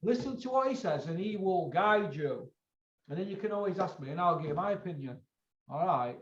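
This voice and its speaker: Blunt, swearing man with a high voice. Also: expressive, normal speed. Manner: blunt, swears a lot, lecturing. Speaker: boxing show host. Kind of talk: blunt casual chat. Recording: echoey, dull lo-fi room sound.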